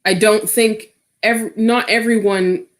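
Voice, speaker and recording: A woman's voice: mid-range voice, fairly even intonation, takes it slowly. A woman telling a personal story in a casual, rambling way, full of "like" fillers.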